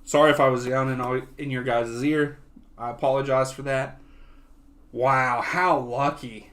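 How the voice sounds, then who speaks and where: A young man hosting a soccer watch-along, giving casual live play-by-play that often turns excitable. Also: medium pitch, a little slow. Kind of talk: live match commentary.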